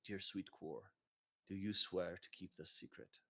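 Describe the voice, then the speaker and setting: A man voicing an old man who is secretly a brass dragon, speaking in a grave, measured way. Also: low-pitched, fairly even intonation, fairly bright tone, slightly rough, exaggerated voice. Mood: solemn.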